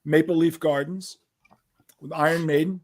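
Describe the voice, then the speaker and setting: An older man recounts stories with lively energy, slipping into the voices of people he quotes. His pitch sits a little high for a man. He stumbles and restarts often, carried along by his own excitement. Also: moderate pace. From United States. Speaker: guest musician. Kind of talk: animated storytelling.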